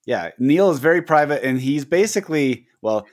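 A man's voice: fairly high pitch, lively intonation, moderate pace. A man hosting a casual chat, chiming in with short replies and laughs.

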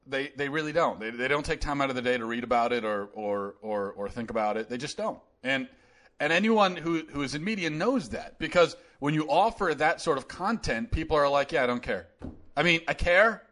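A man's voice: a little high, brisk, fairly bright tone. A man hosting a solo commentary show, talking in a rambling, conversational way with many restarts.

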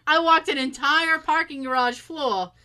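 A woman's voice: sits high, takes it slowly, bright, forceful tone, slight background noise. A woman casually telling a story and acting out the quotes, swearing freely.

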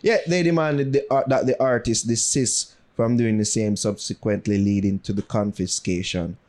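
A co-host, slipping patois into casual podcast banter and breaking into laughter often. When the news comes up, the delivery turns into steady reading. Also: mid-range voice, normal speed. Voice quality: Jamaican patois mixed into talk, laughs often.

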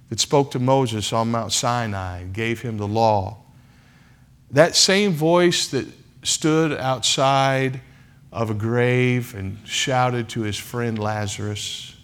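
A male pastor preaching a sermon in a church. He is emphatic, with dramatic pauses and heavy repetition. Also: medium pitch, a bit bright. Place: church sanctuary.

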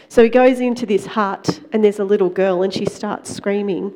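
Female speaker sharing a testimony, chatty and relaxed, dark mellow timbre. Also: medium pitch, normal speed. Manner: conversational, animated retelling with quoted dialogue. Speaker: Christian speaker. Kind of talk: testimony storytelling sermon.

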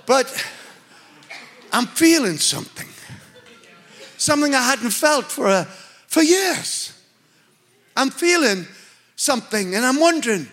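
A man's voice: sits high, animated, measured pace, long pauses, fairly bright tone. A man with a Northern English accent, a preacher telling a story in a sermon with humorous, emphatic, self-mocking delivery.

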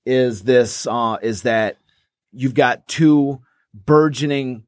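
A man's voice: medium pitch, slow pace, darkish tone, no echo, clean studio sound. A man co-hosting a podcast, chatting casually about sports history and rambling with many restarts and fillers. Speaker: podcast co-host.

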